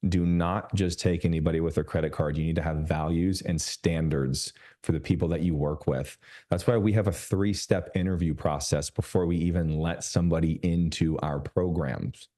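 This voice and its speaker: A man coaching a group over a video call, emphatic and slowing down to stress his points. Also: very deep voice, warm tone. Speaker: business coach.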